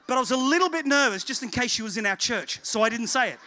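A man's voice: very high-pitched, quick pace, slight background noise. A middle-aged man preaching a sermon and telling a family story, acting out the voices of people in it. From England. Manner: animated, acts out voices of people in his stories. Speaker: pastor.

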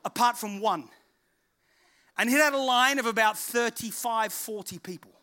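At a normal pace and with a very high voice, a middle-aged pastor from England tells a family anecdote in his sermon. He's animated, performing the voices of the people involved.

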